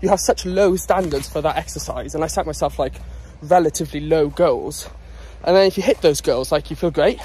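A man rambles casually to his phone camera while out on a dog walk. He is a little out of breath from jogging, and his voice sits a touch high for a man. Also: brisk, hardly any pauses, mellow, breathy edge. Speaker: vlogger. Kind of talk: casual vlog chat.

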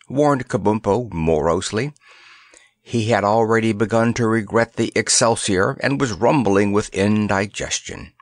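A man narrating a children's fantasy audiobook in an expressive, storybook manner. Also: lowish voice, dry recording. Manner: expressive, unhurried reading.

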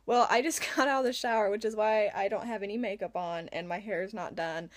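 A woman's voice: a little high, fast, hardly any pauses, dry recording. Bubbly teen girl vlogging from her car. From Indiana, US. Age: late teens. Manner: rambling, bubbly, lots of filler words. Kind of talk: casual chatty vlog. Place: inside a parked car. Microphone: phone held at arm's length.

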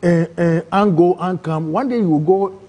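Ghanaian guy telling his story all worked up, husky and kinda high. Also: normal speed. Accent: Ghanaian English. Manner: excitable, acts out quoted voices, broken phrasing. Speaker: interview guest. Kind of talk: emotional personal storytelling.

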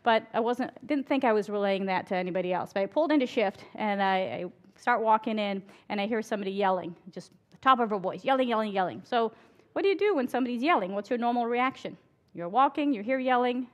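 A woman's voice: on the high side, expressive, quick pace. A middle-aged woman, an emergency physician, giving a candid conference talk full of stories and laughing at her own stories. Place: conference hall before an audience.

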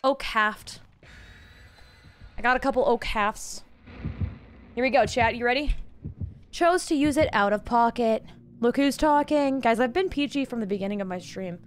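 A young woman streaming a game, chatting casually with her viewers in excitable bursts. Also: on the high side, normal speed, long pauses, a little hiss or hum. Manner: chatty, talks to chat, excitable exclamations. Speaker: live streamer. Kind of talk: casual live-stream chat.

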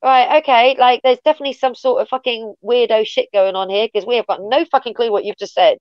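A higher-pitched English woman chatting as a guest, blunt and loud with her swearing. The audio is dull and lo-fi, with a very dry sound. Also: fast, dry recording. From England. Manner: blunt, heavy swearing, animated storytelling. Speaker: wrestling guest. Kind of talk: casual interview chat.

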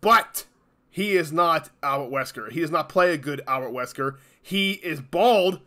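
High-voiced man in a profane rant. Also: animated, measured pace, sharp tone. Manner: profane, exasperated, emphatic. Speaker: YouTube channel host. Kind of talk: angry ranting commentary.

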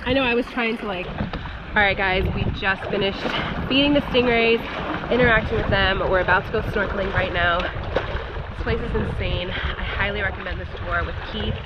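A woman's voice: mid-range voice, fairly even intonation, moderate pace, muffled recording, heavy background noise. A young woman talking to a handheld camera outdoors on a boat, as an enthusiastic travel vlogger. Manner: enthusiastic, gushing. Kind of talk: excited travel vlog narration.

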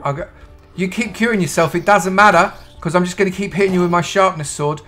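A man commentating his own Minecraft play, chatty and self-mocking, breaking into excited yelps. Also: sits high, fairly quick, faint music behind. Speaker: gaming YouTuber.

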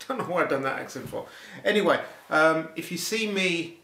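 Brief: male vlogger, fairly high voice, jokey and playful, roomy recording. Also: expressive, brisk, pushed and bright. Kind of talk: casual video blog. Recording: roomy echo.

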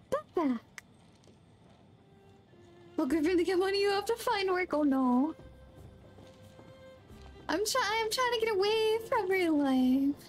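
A woman livestreamer chatting casually through a game. She has a high voice and an unhurried, easygoing pace, and she muses aloud as she plays. She sounds a little drowsy and yawny. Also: lively intonation, faint music behind. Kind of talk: casual gameplay chat.

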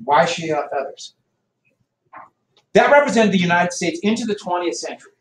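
Guy teaching history class, loud and jokey, roomy echo, bit of hiss. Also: high-pitched, animated, fairly quick. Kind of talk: classroom lecture. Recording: echoey classroom from far off.

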